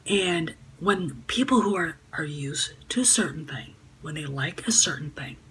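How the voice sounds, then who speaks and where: A woman's voice: low voice, animated, a little slow, fairly bright tone, a little hiss or hum, poor audio. A woman talking to camera at home in a casual vlog, rambling and indignant, with many fillers and restarts. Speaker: YouTube vlogger. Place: home room by a sunny window.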